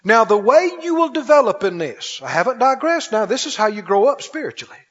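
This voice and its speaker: A male pastor preaches with a high, slightly husky voice, repeatedly turning to his congregation with questions and calls for agreement. The recording sounds dull and muffled, and his voice rings out with a long reverb like in a large hall. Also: very animated, fairly quick. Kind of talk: sermon.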